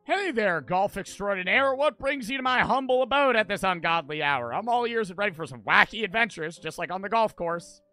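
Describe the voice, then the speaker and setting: A man's voice: sits high, expressive, brisk, few pauses, bright, forceful tone, no echo, faint music behind. A man putting on a country drawl to voice an upbeat, over-eager male YouTuber. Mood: chirpy. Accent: put-on American country drawl.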